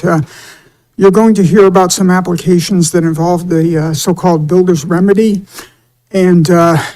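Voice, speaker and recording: Male commission chair, high voice, deliberate halting delivery with fillers. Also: dark tone, poor audio. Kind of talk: public meeting remarks.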